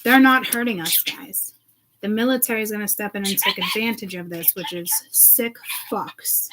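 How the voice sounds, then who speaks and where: A woman's voice: medium pitch, brisk, background noise. Rambling, agitated woman talking to viewers. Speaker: self-described seeress. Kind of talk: casual monologue to viewers.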